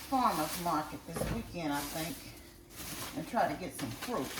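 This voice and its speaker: A woman with a low-sitting voice, far from the mic, vlogs casually at home, chatting directly to her viewers as she unpacks groceries. The room is echoey with background noise.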